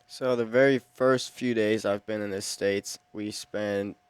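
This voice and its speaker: A young exchange student from Germany, a native German speaker, relaxed and recounting trips with fillers. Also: male voice, lowish voice, a little slow, clean tone, no echo. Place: school TV studio.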